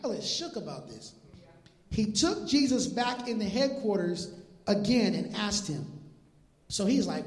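A male pastor preaching an animated, joking sermon in casual slang, retelling scripture. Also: high-pitched, unhurried. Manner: animated, jokey, laughs at his own lines. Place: church sanctuary. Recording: echoey hall.

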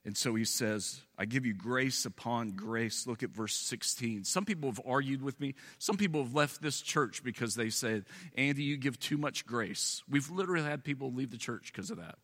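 A man's voice: medium pitch, expressive, normal speed, few pauses, fairly bright tone, in a large hall. A man preaching a sermon as pastor, telling stories earnestly and building to emphatic peaks.

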